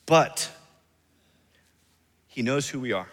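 A man in his thirties preaching a sermon as pastor, emphatic, slowing down and dropping soft on key phrases. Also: mid-range voice, lively intonation. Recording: long reverb of a large hall.

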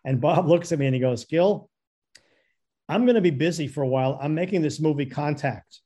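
A man recounts an old work story, tripping over his words and doubling them as he mimics the people involved. His voice sits a little high but sounds mellow and dark in tone. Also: a little fast, husky. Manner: stammering, repeats words, acts out quoted voices. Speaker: guest storyteller. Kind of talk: casual anecdote telling.

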